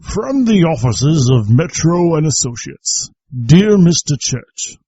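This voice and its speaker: A man voicing a formal British male solicitor in a put-on British accent, with slow, pompous legal phrasing. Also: on the high side, sing-song, warm tone, breathy edge, no room sound, voice pushed up, full character voice. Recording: dull lo-fi recording.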